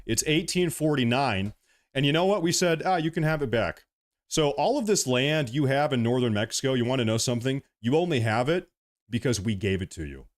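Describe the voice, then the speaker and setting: A man's voice: medium pitch, a little fast. Man, livestream host, agitated ranting commentary, reads viewer comments. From United States. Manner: agitated ranting, then calming down.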